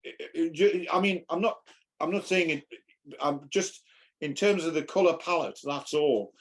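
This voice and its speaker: Bloke on a podcast, lots of ums, thinks out loud, slightly high voice. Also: male voice, normal speed. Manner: hesitant, many ums and restarts, thoughtful. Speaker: podcast co-host. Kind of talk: casual chat.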